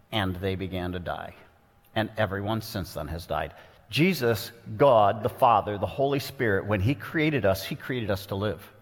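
A man delivers an expository sermon in an earnest, pointed way, swinging his pitch dramatically when quoting other voices. The large hall gives the recording a long reverb.

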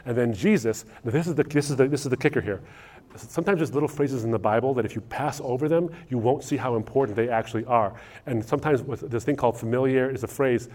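Animated male pastor telling stories. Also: medium pitch. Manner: animated storytelling with frequent restarts. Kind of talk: sermon answering audience questions.

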